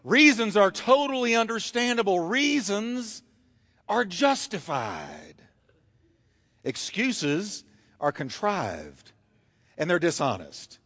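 Emphatic high-voiced male preacher. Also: very animated, a bit bright, in a large hall. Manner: emphatic, repetitive preaching with dramatic pauses. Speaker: pastor. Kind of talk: sermon. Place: church sanctuary. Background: congregation.

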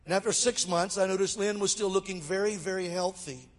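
A high, brisk voice belongs to this middle-aged man from Mobile, Alabama, US, speaking as a guest in a sermon. Lively and joking with the audience, he tells a funny story, heard with the long reverb of a large hall.

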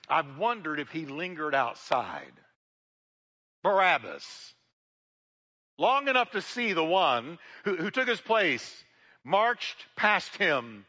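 A male pastor preaching a sermon to his congregation, swinging between loud emphasis and hushed, intimate passages, often repeating words as he builds. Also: medium pitch, big-room sound. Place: church sanctuary.

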